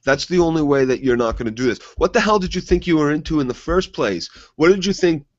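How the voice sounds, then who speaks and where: A man's voice: a little high, expressive, fast talker, no echo, dull audio. A man co-hosting a casual TV recap chat, blunt and argumentative. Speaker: co-host.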